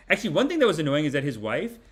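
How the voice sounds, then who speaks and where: Animated comic pundit man in his forties. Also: fairly high pitch, fast talker. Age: 40s. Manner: animated, rambling, mock-preachy. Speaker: podcast host. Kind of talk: comedic commentary.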